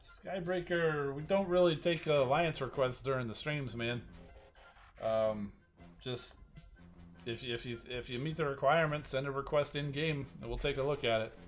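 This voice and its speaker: Man streaming a game, mid-pitched voice, rambling casual chat, lots of restarts, faint music behind. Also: moderate pace.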